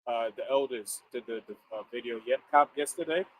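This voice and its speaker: A man's voice: mid-range voice, a little hiss or hum. A man on a casual livestream, talking loosely and laughing along with his co-host. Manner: loose, chatty, quick to laugh and agree. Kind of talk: casual chat.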